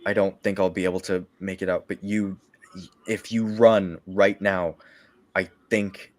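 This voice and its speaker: A wounded young knight gasps out halting pleas for his brother to run, his voice weak and strained, as a man puts him on. It sits a touch higher than the performer's low, unhurried speech. The delivery stays flat and breathless. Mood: weak pleading.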